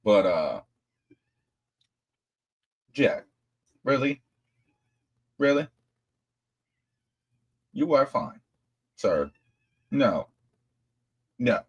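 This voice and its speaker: A man's voice: mid-range voice, very animated, very slow, pauses often, breathy edge, no echo, muffled recording. A man hosting a casual livestream, talking bluntly and ranting with plenty of profanity. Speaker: livestream host.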